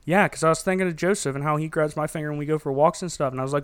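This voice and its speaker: A man recapping a movie for laughs, animated and often breaking into laughter. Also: on the high side, rapid-fire, clean tone, dry recording. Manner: animated, laughing, joking storyteller.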